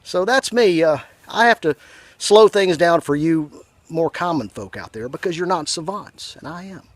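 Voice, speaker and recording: A man with a Southern US accent telling a folksy comic story in a slow, drawling, deadpan way. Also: on the high side, no echo. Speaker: comedian.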